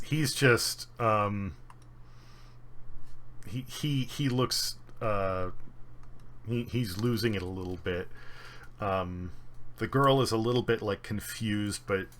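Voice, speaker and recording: A man's voice: on the low side, pushed and bright. A man narrating as game master of an online tabletop game, hesitant and full of fillers. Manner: hesitant, many fillers, unhurried.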